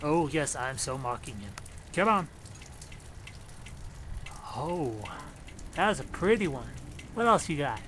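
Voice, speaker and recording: A man with a fairly high voice gives an excitable, foul-mouthed running commentary while he films lightning from under a shelter. He taunts the storm with every flash. Steady rain noise is loud on the handheld camera recording. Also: moderate pace. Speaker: vlogger filming a storm. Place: outdoors under a shelter in a rainstorm.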